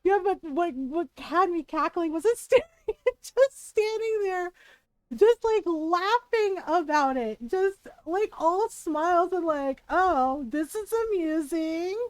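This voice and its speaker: A woman with a high, bright-pitched voice rambles through her gameplay as a streamer, giggling often and leaning on "like" and "right?". The sound is close and dry, with no room around it. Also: slow pace, no echo, poor audio. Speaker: game streamer. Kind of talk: casual gameplay commentary.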